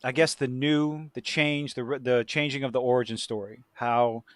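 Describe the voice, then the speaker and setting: A man's voice: medium pitch, fairly even intonation, normal speed, fairly bright tone, dry recording, clean studio sound. A man hosting a casual podcast chat, talking loosely and profanely, with many restarts and tangents. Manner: profane, rambling with frequent restarts. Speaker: podcast host; work supervisor who takes many calls.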